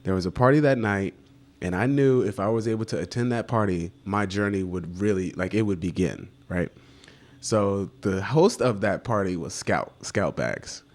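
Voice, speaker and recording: A man's voice: low-pitched, lively intonation, moderate pace, a little mellow. A man being interviewed about his photography career, telling his story casually and acting out the voices of people he quotes. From United States. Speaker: guest photographer. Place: studio set.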